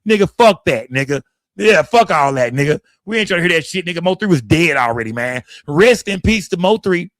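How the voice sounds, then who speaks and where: A man hosts a livestream, rambling through heated commentary with plenty of profanity and shout-outs. His voice sits a bit high for a man. The sound is dry and close, with almost no room in it. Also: lively intonation, brisk, dry recording. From Dallas, Texas. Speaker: livestream host. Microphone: streaming setup, close mic.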